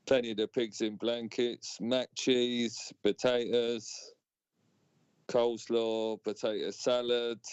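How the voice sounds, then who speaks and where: Relaxed co-host in his thirties, smooth low voice, dull dry mic. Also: no room sound. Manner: laid-back, drawn-out fillers and "mate". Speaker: co-host of a live stream. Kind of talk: casual chat. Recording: dull, dry home recording.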